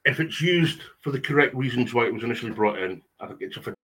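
A man, a podcast guest, giving measured opinions with many pauses and ums. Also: medium pitch, animated, fairly bright tone, husky. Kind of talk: podcast discussion.

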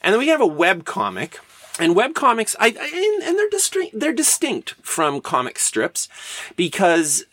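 Male lecturer, casual and digressive, bright tone. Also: on the high side, dry recording. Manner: chatty, digressive, with frequent fillers and asides.

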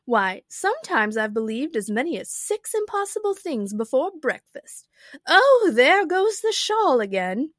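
A woman's voice: on the high side, sing-song, moderate pace, hardly any pauses, a bit bright, no room sound, studio quality. Name: the Queen. A woman doing a shrieking old queen. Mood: fussy. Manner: wailing cries, fussy and dithering.

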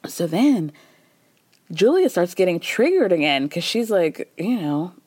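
A woman's voice: lowish voice, sing-song, unhurried, darkish tone, slightly rough, dry recording, clean studio sound. A woman hosting a podcast, giving a chatty, sarcastic recap of a reality show and acting out the cast's lines in playful voices. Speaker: podcast host.

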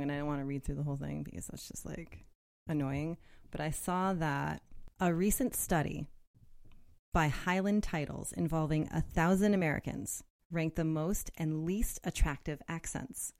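A woman's voice: low voice, moderate pace, darkish tone. A woman co-hosting a podcast, chatting casually, reading from an article and laughing often. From Connecticut. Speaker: podcast co-host. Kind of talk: casual chat.

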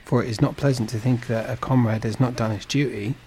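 A man's voice: mid-range voice, fairly even intonation, fairly quick, darkish tone, a little hiss or hum, lightly acted. A man reading a storybook and voicing a sly, envious supercargo with an insinuating manner. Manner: insinuating, scheming.

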